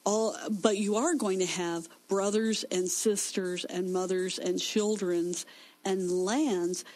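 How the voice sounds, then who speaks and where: A woman with a mid-range voice teaches from scripture in a Christian discussion. She stresses key words with force and pauses to let points sink in. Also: mid-range voice, fairly even intonation, a little mellow, rough recording.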